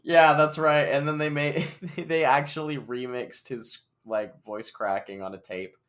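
A man co-hosting a podcast, chatting about an episode in an animated, excitable way and laughing easily. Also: a little high, a little slow. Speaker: podcast co-host. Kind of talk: casual recap chat.

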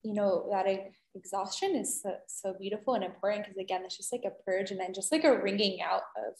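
A woman who is a holistic healing guest, chatting gently and effusively in a casual interview. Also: mid-range voice, fairly quick, reverberant. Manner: gentle, effusive, many "beautiful"s and "um"s.

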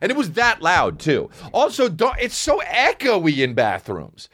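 A man in his thirties, a comedian telling a rambling, profane story in casual chat, mumbling low one moment and shouting the next. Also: unhurried, no room sound, studio quality. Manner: profane, animated, swings between mumbling and shouting.

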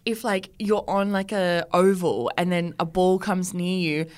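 A young Australian woman co-hosting a podcast, chatting casually with quick giggly asides. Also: lowish voice, clean tone. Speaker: podcast co-host. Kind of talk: casual chat.

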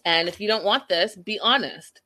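Woman ranting about last night's episode, mid pitch, lots of like and you know. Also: normal speed, bright, forceful tone. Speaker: reality TV recap vlogger. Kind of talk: casual episode recap.

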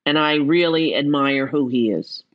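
A woman's voice: deep voice, a little slow, dull audio. A woman appearing as a podcast guest, telling a story earnestly and from the heart. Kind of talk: sincere interview talk.

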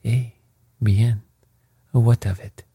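A man's voice: mid-range voice, fairly even intonation, extremely slow, mellow, husky, dry recording, pitched above the performer's own voice, full character voice. A man whispering the part of a fussy older male detective with a French accent, precise and faintly pompous, as whispered role-play.

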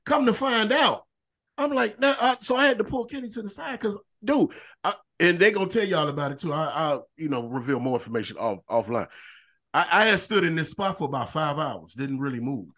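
A man co-hosting a podcast, telling a long profane story in animated, repetitive bursts. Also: fairly high pitch, a little fast. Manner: profane, animated storyteller who repeats phrases. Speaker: podcast co-host. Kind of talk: casual storytelling chat.

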